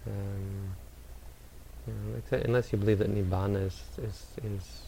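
Low flat voiced guy teaching meditation, gravelly, mellow and calm. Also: slight background noise, low-quality recording. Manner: calm, unhurried, gently advising. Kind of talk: answering audience questions.

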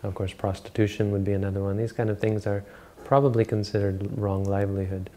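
A man giving an informal Buddhist dharma talk as a monk teacher, rambling and halting with many restarts and self-corrections. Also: on the low side, level tone, dark tone, a little hiss or hum.

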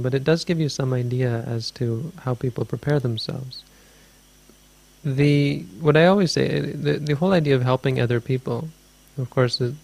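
A man's voice: mid-range voice, creaky, darkish tone. A man teaching as a Buddhist teacher, answering a question in a dharma talk with meandering, thoughtful storytelling.

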